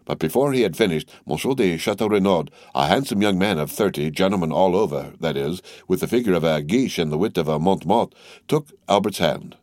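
A man reading a classic novel aloud as narrator, measured and even. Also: sits low, dry recording, clean studio sound. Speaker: audiobook narrator.

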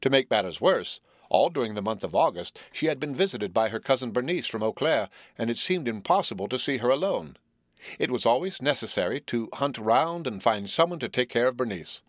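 A man reading a story aloud as narrator, in a measured, even way. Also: fairly low pitch, no echo, studio quality. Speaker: audiobook narrator. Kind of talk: scripted narration.

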